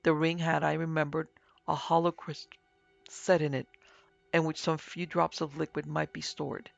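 A man narrating a classic story as an audiobook in a solemn, measured way, in a dry, dull lo-fi recording. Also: a little high, level tone, creaky, faint music behind. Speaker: narrator and producer.

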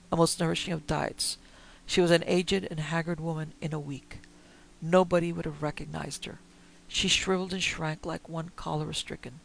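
Man narrating a story, gravelly voice. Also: a little high, poor audio. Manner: measured, quiet, gravelly reading. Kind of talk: reading a Victorian story aloud.

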